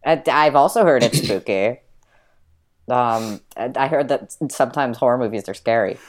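A young woman co-hosting a podcast, talking in a halting way with many restarts and fillers. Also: a bass voice. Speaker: podcast co-host. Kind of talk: casual chat.

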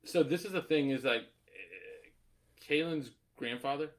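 A man in casual podcast chat, animated and swearing, who laughs often and rambles with lots of "like". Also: mid-range voice, unhurried. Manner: animated, laughs often, swears, mimics others in quoted asides; rambling with many "like" fillers.

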